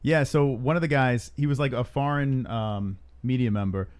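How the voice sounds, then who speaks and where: A man's voice: mid-range voice, moderate pace, a little mellow, clear, resonant tone. Guy rambling and joking on a stream, lots of uhs. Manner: joking, rambling, with many fillers. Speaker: stream co-host. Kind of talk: casual live-stream chat.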